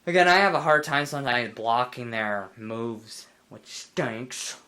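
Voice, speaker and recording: A man's voice: medium pitch, lively intonation, measured pace. A young man giving casual, rambling commentary over a video game, full of fillers and playful asides. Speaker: let's play gamer. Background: loud game music.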